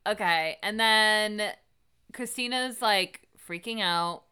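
A woman's voice: mid-range voice, takes it slowly, pushed and bright, smooth. A woman co-hosting a podcast, chatting casually and animatedly as she recaps a TV episode and acts out the characters. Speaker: podcast co-host.

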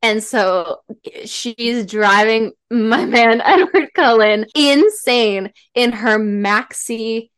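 A woman guest on a podcast, chatting casually and gushing with animated enthusiasm. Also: a little high, very slow, smooth.

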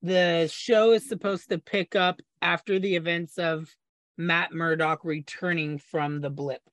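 A man's voice: on the high side, fairly even intonation, measured pace, fairly bright tone, dry recording. A man co-hosting a podcast, explaining eagerly at length in casual chat and sometimes stumbling over his words. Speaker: podcast co-host.

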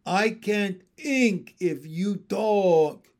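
A man's voice: high-pitched, animated, a little mellow, voice pushed up, exaggerated voice. A man voicing a blunt, broken-speaking frog prince. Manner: slow, clipped, childlike broken speech. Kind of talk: storybook read-aloud.

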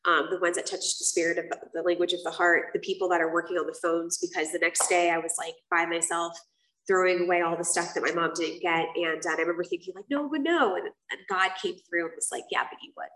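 A woman's voice: fairly low pitch, level tone, quick pace, fairly bright tone. A woman giving a casual, candid personal testimony as the speaker at a recovery meeting, full of fillers and the odd swear word. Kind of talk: personal testimony to a live group. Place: meeting room. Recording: roomy sound from a distance.

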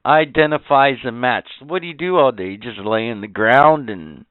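A man's voice: mid-range voice, normal speed, clean tone, dry recording. A man co-hosting a casual podcast chat, ranting and swearing as he gets worked up. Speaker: podcast co-host. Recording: tinny phone-like sound, dry.

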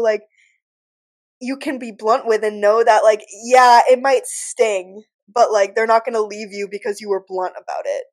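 A woman in her twenties co-hosting a podcast, frank and blunt, with lots of filler words. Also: on the high side. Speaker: podcast co-host. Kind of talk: casual chat.

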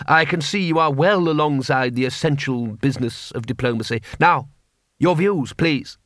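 A man's voice: on the high side, normal speed, fairly bright tone, no room sound, studio quality, natural voice. A man voicing a cool, cunning city ruler who speaks in precise, dryly ironic sentences.

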